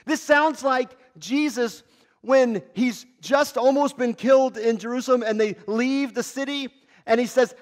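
A male lead pastor delivers a sermon in a high, animated voice. He talks conversationally, rising and dropping sharply in pitch and loudness as he makes his points. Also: measured pace.

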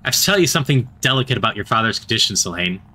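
Composed lady engineer-doctor, even and neutral, kinda dry, read by a guy in his own voice. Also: lowish voice, very fast, exaggerated voice. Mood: calm. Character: composed adult woman doctor and chief engineer, dry and reserved.

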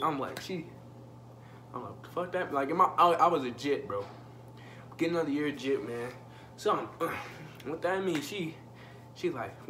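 A man's voice: mid-range voice, noisy background. A young man telling a profane, slangy story in a casual vlog and joking directly with his viewers. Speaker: storytime vlogger.

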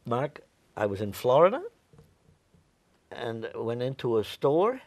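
A man's voice: mid-range voice, very animated, slow pace, a little mellow, no room sound. A man in his nineties from New York, a war veteran telling his stories in an oral history interview, rambling and repeating his words. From New York, United States. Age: 90s.

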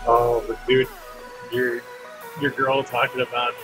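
A man teasing his streamer friend by recounting past streams, animated and swearing casually. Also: medium pitch, a little slow, over music, low-quality recording. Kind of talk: casual chat.

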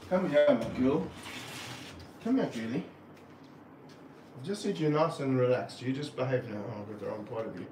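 A man's voice: a little high, fairly bright tone, roomy sound, recorded from a distance, slight background noise. A man presenting wildlife on a livestream, talking earnestly and passionately about animals while handling snakes. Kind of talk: casual livestream talk.

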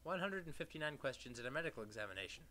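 A man doing a brisk business boss. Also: on the high side, sing-song, sharp tone, a little hiss or hum. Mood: businesslike. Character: brisk adult male rose-business boss.

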